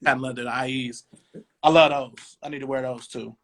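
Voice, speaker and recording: A man in his forties from Cleveland hosting a casual sneaker talk show over a video call, relaxed and rambling. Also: medium pitch, a little fast. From Cleveland, USA. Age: 40s. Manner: relaxed, rambling, lots of "um" and "you know". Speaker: podcast host. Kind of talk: casual chat. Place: home dining room.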